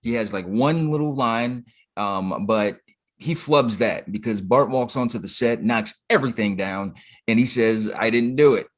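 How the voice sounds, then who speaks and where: A man co-hosting a podcast, recapping a cartoon episode in a relaxed, slangy way with lots of "uh" and "you know.". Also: lowish voice, unhurried. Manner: relaxed, slangy, filler-heavy. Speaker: podcast co-host.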